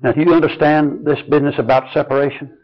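Older guy preaching, slow and earnest, goes soft and low on the big lines, dull old tape sound. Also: level tone. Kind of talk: sermon with personal stories. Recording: dull lo-fi recording.

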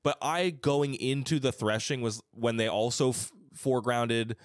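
A man's voice: mid-range voice, normal speed, dry recording, clean studio sound. A man chatting enthusiastically as a podcast guest, recapping a book. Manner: enthusiastic, expressive. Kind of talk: casual book recap chat.

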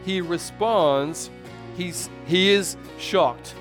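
A man with an Australian accent, a pastor preaching a sermon in a conversational, energetic way with many restarts. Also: on the high side, moderate pace, faint music behind.

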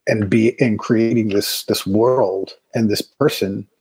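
Husky man, thoughtful and halting. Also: lowish voice, fairly even intonation, darkish tone, no echo. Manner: thoughtful, halting, many restarts and fillers. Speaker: actor being interviewed. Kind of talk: casual conversation.

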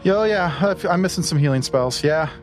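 A man chatting at a tabletop game in an easygoing, halting way. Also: fairly high pitch, lively intonation, faint music behind. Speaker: player. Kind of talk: casual chat at a tabletop game.

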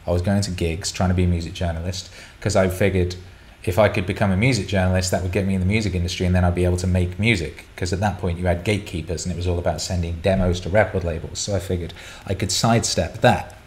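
Candid rambling man, slightly low voice. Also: steady tone, fast talker, hardly any pauses, darkish tone. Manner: candid, rambling storytelling with repeated words. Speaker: podcast host answering listener questions. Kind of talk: casual chat.

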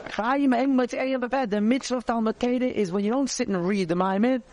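A man, teaching a conversational Torah class, animated and repeating phrases as he searches for words. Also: extremely high pitch, a little fast, a little hiss or hum.

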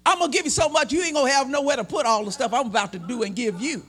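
A man preaching a sermon, shouting and stretching out words for emphasis and acting out the people in his story. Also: very high-pitched, slightly rough. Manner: shouting, drawn-out emphatic preaching with acted-out voices.

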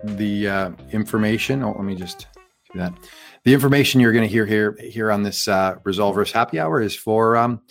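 A man's voice: fairly low pitch, moderate pace, vocal fry, faint music behind. A man hosting a casual podcast, reading a disclaimer in an offhand, joking way. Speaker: show host.

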